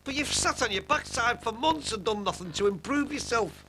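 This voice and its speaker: A man's voice: extremely high pitch, lively intonation, background noise. An actor playing a stubborn older father who grumbles and bickers with his children. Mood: cranky. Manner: grumpy, stubborn, quick to bicker. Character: stubborn, cranky older father just out of hospital. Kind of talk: TV soap acting.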